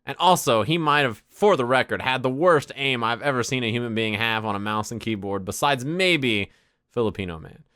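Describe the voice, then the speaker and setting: A man streaming, telling stories in casual chat, animated and swearing freely as he acts out what people said. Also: medium pitch, moderate pace, clear, resonant tone, no echo, clean studio sound.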